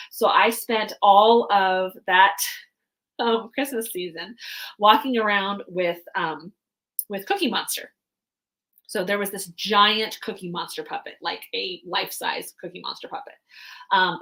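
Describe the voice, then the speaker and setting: A young woman, an author, hosts a live stream and chats casually while packing boxes. Her mid-range voice is a bit bright but slightly worn and going hoarse, and she rambles along with lots of ums. The recording quality is low.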